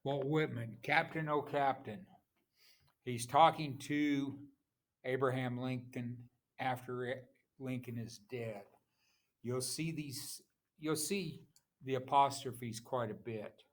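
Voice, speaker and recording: A man teaching a lecture on poetry, speaking haltingly with frequent pauses and restarts, sometimes tapping out rhythms aloud. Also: mid-range voice. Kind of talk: classroom lecture.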